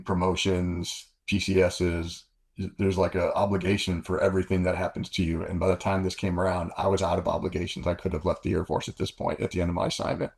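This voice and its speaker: An older man with a deep, husky voice tells stories as an interview guest. He rambles and corrects himself often as he works through each anecdote. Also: a little mellow. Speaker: guest, former fighter pilot. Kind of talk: storytelling interview.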